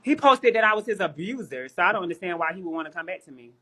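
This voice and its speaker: A man's voice: high voice, animated, quick pace, sharp tone. A man on a live stream talking casually, brash and profane, often repeating words as he starts sentences.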